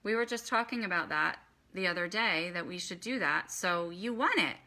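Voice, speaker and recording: A woman's voice: fairly low pitch, expressive, normal speed, sharp tone. A woman teaching meditation in a chatty live stream, guiding the listener through breathing and chanting. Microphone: phone.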